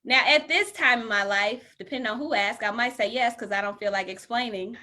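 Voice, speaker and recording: A woman's voice: on the high side, brisk, sharp tone. A woman co-hosting a casual podcast chat, explaining her views with giggles and examples. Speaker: podcast co-host, entrepreneur.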